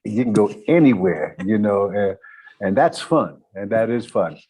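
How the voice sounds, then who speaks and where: A man with a low, mellow voice thinks aloud on a panel. He speaks unhurriedly, with frequent pauses and restarts as he gathers his thoughts. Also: expressive, slightly rough, rough recording. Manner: slow, halting, many restarts. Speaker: actor panelist. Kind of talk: unscripted panel answer.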